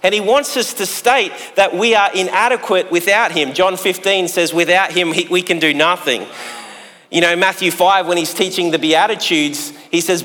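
Bright-voiced pastor in a hall. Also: male voice, high-pitched. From Australia. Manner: conversational and jokey, with long pauses. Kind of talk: sermon. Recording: echoey hall sound.

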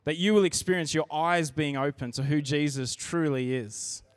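A man's voice: on the high side, normal speed, no room sound. A man preaching a sermon in church, earnest and conversational, often restarting his sentences.

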